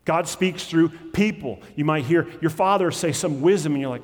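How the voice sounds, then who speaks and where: Conversational pastor preaching in a reverberant hall. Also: male voice, fairly high pitch, a little fast, hardly any pauses. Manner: conversational preaching, acts out quoted voices. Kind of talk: sermon.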